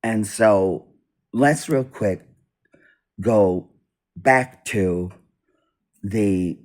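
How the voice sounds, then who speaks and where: A man giving an unscripted political monologue for his video, halting and restarting, his voice swinging between loud and soft. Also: lowish voice. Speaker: video blogger. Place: indoors, US east coast.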